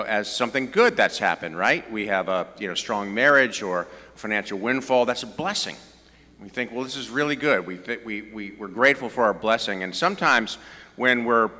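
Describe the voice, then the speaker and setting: A man's voice: medium pitch, pushed and bright, in a large hall. A middle-aged man with a Southern US accent, preaching a conversational sermon with joking asides. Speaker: pastor.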